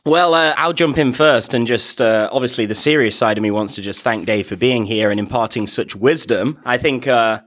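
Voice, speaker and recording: A man co-hosting a podcast, relaxed and a little hesitant with fillers. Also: medium pitch, normal speed, few pauses. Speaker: podcast co-host. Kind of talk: casual chat.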